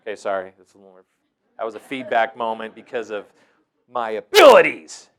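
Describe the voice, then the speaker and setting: Animated middle-aged storytelling man. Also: mid-range voice, a little fast. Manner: animated, breaking into loud shouted impressions. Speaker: wilderness mentor and teacher. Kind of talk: storytelling talk.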